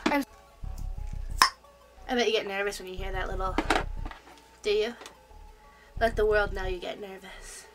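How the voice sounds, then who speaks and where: A woman's voice: medium pitch, little pitch movement, normal speed, pauses often, over music. A young woman vlogger chatting casually, teasing and coaxing with a giggle. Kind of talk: casual chat.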